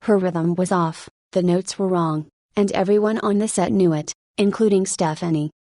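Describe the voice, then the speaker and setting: A woman narrating a nonfiction audiobook in an even, measured reading. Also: fairly low pitch, dry recording.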